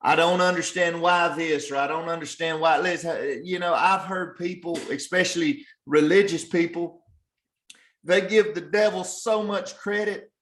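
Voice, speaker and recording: Male sales trainer, earnest motivational delivery, slightly higher voice, roomy echo. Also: fairly bright tone. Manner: earnest, repetitive, preachy. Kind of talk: motivational talk.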